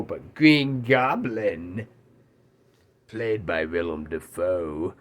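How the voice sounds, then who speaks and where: A man talking about a movie he loves in a casual, excitable rant, swearing freely and laughing as he talks. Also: mid-range voice. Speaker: movie reviewer.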